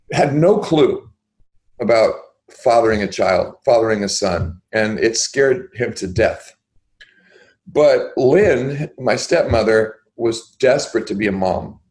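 An older man, an interview guest, telling his life story in a halting, rambling way with many fillers and restarts. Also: fairly low pitch, darkish tone, low-quality recording.

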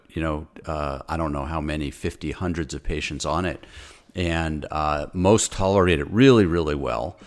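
A man, a physician, delivering an angry, insistent rant as a talk-show guest, often repeating words as he presses his point. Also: low voice.

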